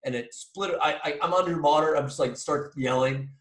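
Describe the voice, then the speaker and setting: A man co-hosting a podcast who tells a story excitedly in casual chat, swearing often and acting out his own yelling. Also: on the high side, fairly quick. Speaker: podcast co-host. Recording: roomy echo.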